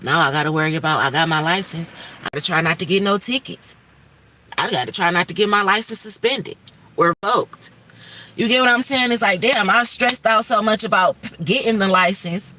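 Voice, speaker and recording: A woman's voice: medium pitch, brisk, pushed and bright, recorded from a distance, slight background noise. A woman hosting a livestream, talking candidly and emphatically about faith and stress and swearing freely. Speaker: livestream host.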